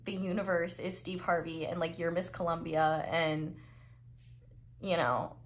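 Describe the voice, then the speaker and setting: A young woman with a slightly low voice talks through a tarot reading in a loose, conversational way. She leans on "like" and "um" and restarts her phrases as she goes. Her delivery is relaxed and informal rather than polished. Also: unhurried. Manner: chatty, heavy use of "like" and "um", frequent restarts. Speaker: tarot reader. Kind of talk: casual psychic tarot reading.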